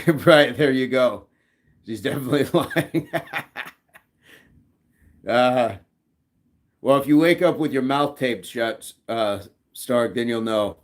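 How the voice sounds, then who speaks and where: A man's voice: medium pitch, slow, pauses often. A middle-aged man hosting a livestream, reading chat messages aloud in a casual, joking way and laughing often.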